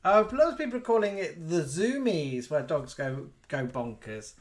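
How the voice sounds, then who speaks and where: A man's voice: fairly high pitch, big pitch swings, normal speed. A man co-hosting a live chat show, rambling and giggly in casual talk.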